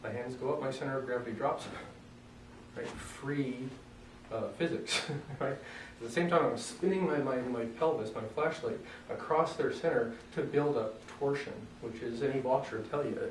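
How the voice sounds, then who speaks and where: A man teaching a casual self-defense demonstration lesson in a relaxed, joking way, often clearing his throat. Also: medium pitch, normal speed, slight background noise. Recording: roomy echo, mic far off, faint ambience.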